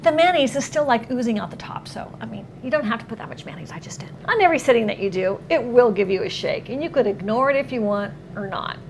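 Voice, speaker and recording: A woman's voice: a little high, expressive, quick pace, creaky, hardly any pauses, a little hiss or hum. Upbeat woman hosting a cooking demo. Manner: upbeat, exclaims over the food; talks with her mouth full while tasting. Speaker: cooking show host. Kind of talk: cooking demonstration.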